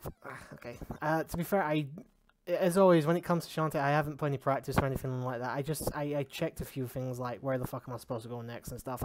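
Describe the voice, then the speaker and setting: Sheffield-accented man, casual streamer. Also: medium pitch. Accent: Sheffield, Yorkshire English. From England. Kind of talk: casual gaming stream chat.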